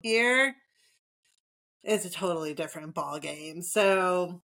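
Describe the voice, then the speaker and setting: A woman in her thirties from the Chicago suburbs, co-hosting a podcast and telling profane, animated stories in casual chat. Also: fairly low pitch, slow. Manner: profane, animated storytelling with many "like"s. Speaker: podcast co-host.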